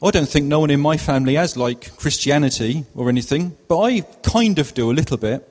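A man's voice: fairly high pitch, lively intonation, fairly quick, darkish tone. A man voicing a shy ten-year-old village boy with a Cotswold accent, answering in hesitant, mumbled replies. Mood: offhand. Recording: long hall reverb.

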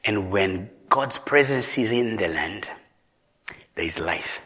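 Animated, bright-voiced male preacher. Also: fairly low pitch, takes it slowly. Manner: animated, asks the congregation rhetorical questions. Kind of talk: sermon. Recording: long reverb in a large hall.

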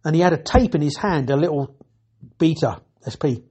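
A man's voice: fairly high pitch, expressive, normal speed, mellow, slightly rough. An older man telling chatty, dryly humorous stories about his years as a TV technician. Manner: chatty, self-interrupting, dry humour. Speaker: retired TV technician. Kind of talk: anecdotal storytelling.

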